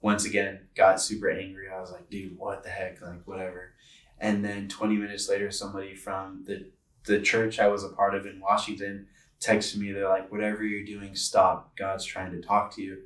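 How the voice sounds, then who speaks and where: A man's voice: low voice, completely flat delivery, normal speed, a bit bright, recorded from a distance. A man in his twenties telling a personal story on a podcast, earnest and rambling with lots of filler words. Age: 20s. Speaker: podcast co-host. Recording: roomy sound from away from the mic.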